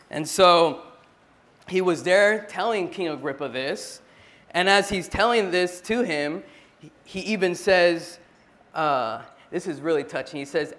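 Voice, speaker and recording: A man's voice: a little high, a bit bright. Earnest man sharing a Bible passage. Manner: earnest, retells scripture with frequent restarts. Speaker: speaker at a church meeting.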